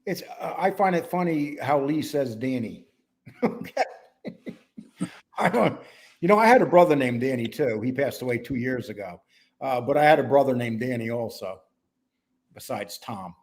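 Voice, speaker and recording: A New York man hosting a casual podcast talks in a rambling way and jumps between topics, with an accent that mixes New York and Wisconsin. His mid-range voice is animated, at a normal speed, with long pauses.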